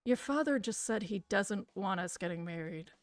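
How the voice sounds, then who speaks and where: A woman's voice: mid-range voice, animated, normal speed, dry recording, lightly acted. A woman voicing an earnest young male detective who stammers and apologizes nervously, in a game read aloud. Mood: flustered.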